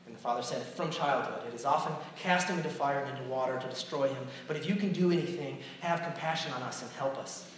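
A man preaching a sermon, lively and dramatic, acting out quotes and correcting himself as he goes. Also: mid-range voice, fast talker, few pauses. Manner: animated, acts out quotes, self-correcting. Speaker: pastor. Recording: echoey hall, distant mic, faint noise.

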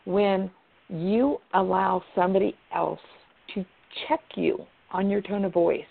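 Woman, gravelly voice, earnest and self-correcting, sounds like a thin phone line. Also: medium pitch, steady tone, unhurried. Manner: earnest, repeats herself, restarts sentences. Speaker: guest. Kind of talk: casual advice chat.

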